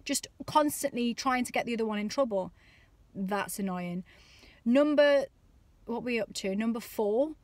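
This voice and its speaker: A woman's voice: on the high side, normal speed, darkish tone, no echo. A woman in her thirties talking to camera about parenting, chatty and exasperated, acting out little voices. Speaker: parenting vlogger. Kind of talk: casual comic monologue to camera.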